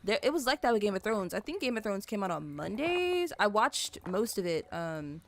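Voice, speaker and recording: A woman's voice: mid-range voice, sing-song, normal speed, a little hiss or hum. A young woman streamer, rambling casually to her chat while building in a game, full of "like" and "you know". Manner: rambly, lots of "like" and "you know", apologetic and chatty with viewers.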